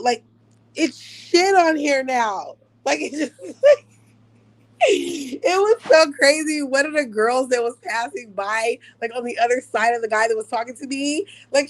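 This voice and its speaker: A young woman telling a story in a casual, profane rant, animated and breaking into laughs. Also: sits high.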